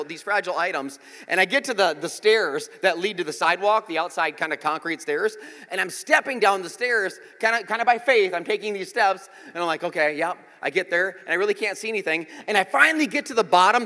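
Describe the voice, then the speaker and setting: A man's voice: on the high side, sharp tone. A man in his forties preaching a sermon, telling jokey stories with voiced quotes, in a church auditorium. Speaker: pastor. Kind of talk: sermon with storytelling. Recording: reverberant hall.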